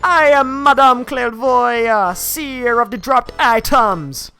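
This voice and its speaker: A streamer voicing a ghostly female fortune teller in a put-on Jamaican accent, slow and drawn out. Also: medium pitch, pushed and bright, clear, resonant tone, faint music behind. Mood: mystical.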